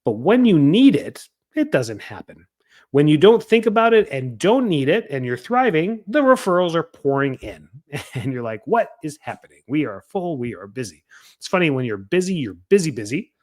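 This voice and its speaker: A man hosting a coaching show for chiropractors, talking in a casual, energetic way and acting out what people might say. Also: a little high, normal speed. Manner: energetic and chatty, acts out quoted lines. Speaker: podcast host coaching chiropractors.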